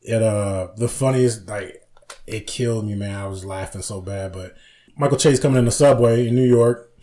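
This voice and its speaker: A man's voice: lowish voice, normal speed, mellow. A man co-hosting a casual podcast, who retells comedy sketches with acted-out lines, laughs often and swears freely. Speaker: podcast co-host. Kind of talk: casual chat.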